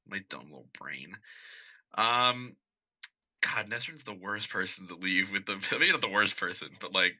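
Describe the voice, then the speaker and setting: A man's voice: deep voice, animated, moderate pace, pushed and bright. A man playing in a tabletop game, chatting in a self-deprecating, rambling way with many likes. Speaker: player. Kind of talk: casual tabletop play chat.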